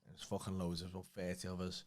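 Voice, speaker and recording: A man's voice: low-pitched, monotone, very fast. A young man, co-hosting a casual podcast and telling rambling, sweary anecdotes. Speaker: podcast co-host. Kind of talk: casual chat, storytelling.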